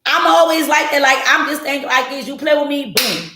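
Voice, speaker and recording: A woman's voice: sits high, a little fast, noisy background. A woman in her forties hosting a podcast, talking bluntly and with plenty of profanity in a casual monologue to her listeners. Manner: blunt, profane and animated, jumping into quoted voices. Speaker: podcast host. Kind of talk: casual monologue to a live audience. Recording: echoey room.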